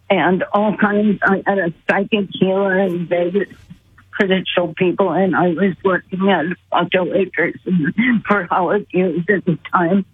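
A woman's voice: medium pitch, breathy edge, no echo. A woman earnestly retelling a personal story as a guest, calling in by phone. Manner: earnest, vivid retelling with quoted voices. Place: phone call. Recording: tinny phone line.

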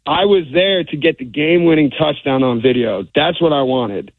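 Man, hoarse caller, rambling with fillers, slightly high voice, tinny phone line, dry sound. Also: normal speed, no room sound. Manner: rambling, many fillers and restarts. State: hoarse, lost voice. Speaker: radio caller. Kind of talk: phone call to a sports radio show.

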